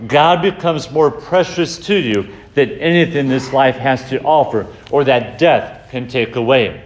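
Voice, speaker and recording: A man preaches in an earnest, measured way, slowing for weight and reciting scripture between his points. His voice sits at an ordinary middle pitch for a man. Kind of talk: sermon.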